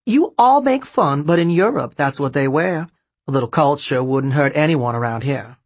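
A doting, teasing grandmother in her later years, as a male narrator puts her on. Her voice leaps high with excitement and has a husky edge. The storybook reading sounds close and dry. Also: moderate pace, no room sound. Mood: excited.

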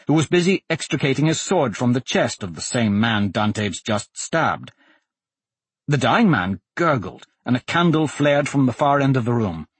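A man narrates an audiobook in a steady, unhurried storytelling voice. His tone is slightly husky, at a middle pitch. The recording is dry and close, with no room sound. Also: dry recording. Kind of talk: scripted narration.

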